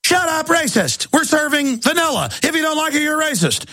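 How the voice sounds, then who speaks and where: A man voicing a shrill, mocking heckler who shouts everyone down. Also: sing-song, a little fast, no echo, studio quality, heavily acted.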